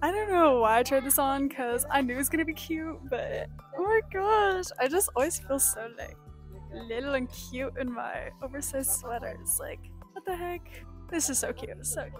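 A young woman from Texas chats in a bubbly, gushing way, exclaiming often. Her voice sits high. Music plays clearly underneath her. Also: expressive, normal speed. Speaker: thrift vlogger. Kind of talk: excited casual vlog chat and voice-over. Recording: music playing behind the voice.

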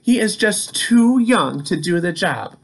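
A man voicing a boastful young male farm tractor in a children's storybook, cocky and quick to snap back. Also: sits high, very animated, vocal fry, pitched above the performer's own voice, exaggerated voice. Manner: snappish, cocky.

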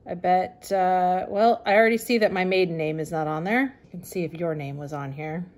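A woman's voice: fairly low pitch, a little fast, darkish tone. Chatty, amused woman flipping a catalog. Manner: chatty and amused, laughing often and reading bits aloud. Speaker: vintage reseller and channel host. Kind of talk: casual commentary while flipping through an old catalog.

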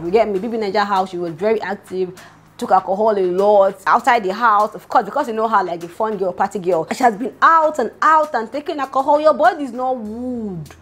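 Young Nigerian-accented woman, animated gossip vlogger, talks straight to viewers. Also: on the high side. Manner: chatty, animated, addresses viewers as "my darling". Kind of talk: casual gossip commentary.

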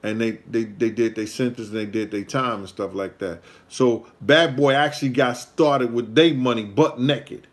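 A man's voice: medium pitch, fairly even intonation, moderate pace, hardly any pauses. A man, hosting his own show and telling a casual story in a rambling, repetitive way full of street slang.

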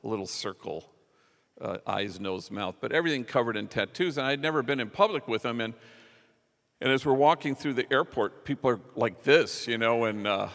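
A man's voice: mid-range voice, fairly quick, vocal fry, fairly bright tone. A man preaching a sermon as a conversational story, acting out the quotes of the people in it. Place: large church. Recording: long church reverb.

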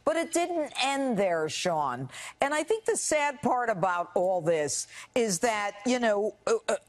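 Middle-aged woman, TV guest, emphatic and indignant, high and very lively pitch. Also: unhurried. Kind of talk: TV interview.

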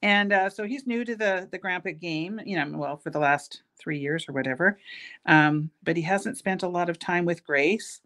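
A woman's voice: fairly low pitch, moderate pace, fairly bright tone. A middle-aged woman leads a casual beading tutorial from her shop. She chats freely between steps and pokes fun at herself as she works. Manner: chatty, self-mocking, laughs at her own jokes. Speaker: host, bead shop owner teaching a craft. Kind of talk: casual craft tutorial with chatty asides.

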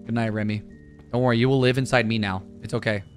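A man streaming a video game, reacting out loud with swearing and talking to the characters on screen. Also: mid-range voice, quick pace, faint music behind. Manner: jumpy and excitable, swears, talks to game characters. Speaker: gaming streamer. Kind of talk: let's play commentary.

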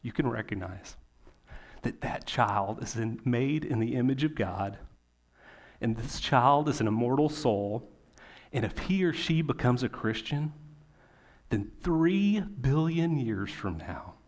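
Preaching conversationally, this pastor leans on rhetorical questions and pauses for emphasis. He speaks in a mid-range voice with lively intonation.

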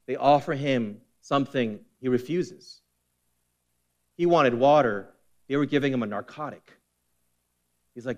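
A man preaching a sermon as pastor, impassioned, swinging between forceful emphasis and hushed intensity. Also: mid-range voice, measured pace, long pauses.

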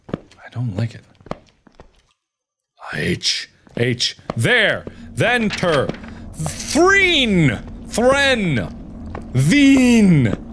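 Man, 30s, gaming host; slow talker, pitch jumps all over, yelps at scares, noisy track. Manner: animated, jumpy, breaks into high yelps and shouts. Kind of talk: let's play commentary. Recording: steady background noise.

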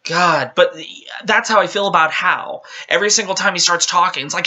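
Male game reviewer, exasperated rant, bright tense tone, stammers and restarts. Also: sits high, fairly quick. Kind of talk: casual ranting game review.

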